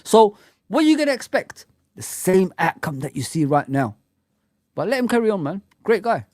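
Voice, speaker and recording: A man with a high voice hosts a live fan chat, sounding blunt and fired up, dropping slang between points. The sound is close and dry, with no room around it. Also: normal speed, no echo. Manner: animated, blunt ranting with slang asides. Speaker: fan channel host.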